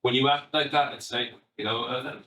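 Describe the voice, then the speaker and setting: A middle-aged Irish man speaks to an audience of parents in a bright, forward voice. He talks in a chatty, anecdotal way, often restarting his sentences and slipping in asides. He sounds distant from the mic, and a roomy echo hangs around his words. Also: medium pitch, steady tone, moderate pace. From Ireland. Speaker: family psychotherapist giving a talk. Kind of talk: live talk to parents. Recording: echoey room, far from the mic.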